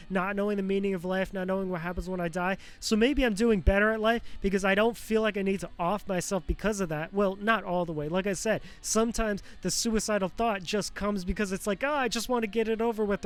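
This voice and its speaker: A man's voice: high-pitched, clean tone. A man hosting his show in a rambling personal monologue, raw and close to tears, swearing often and restarting his sentences. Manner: rambling, profane, frequent fillers and restarts. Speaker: show host.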